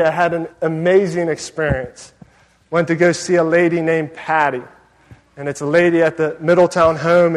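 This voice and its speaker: A man preaching a sermon as pastor, telling a personal story in an earnest, conversational way. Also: fairly high pitch. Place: church sanctuary. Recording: long hall reverb.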